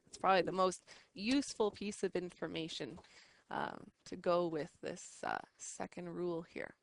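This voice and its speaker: A woman's voice: on the low side, fairly even intonation, vocal fry. A woman teaching an English lesson, explaining patiently and checking in often with the class. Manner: patient, slow, checks in with "right?".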